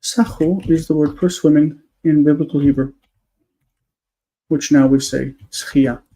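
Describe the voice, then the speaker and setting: A man's voice: fairly high pitch, fairly even intonation, measured pace, warm tone, rough recording. A man on a live stream, explaining word forms step by step, thinking aloud with many fillers. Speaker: Hebrew teacher.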